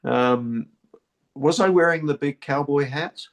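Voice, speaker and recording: A man's voice: fairly high pitch, a little slow. A man from New Zealand, an actor being interviewed, talks casually and often repeats words and restarts his sentences. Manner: repeats words and restarts, many "you know".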